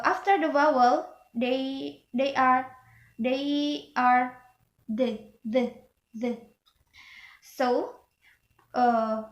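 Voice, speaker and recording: A woman's voice: high-pitched, echoey room. A young woman from Indonesia giving a student class presentation, hesitant, with many fillers and restarts. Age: young adult.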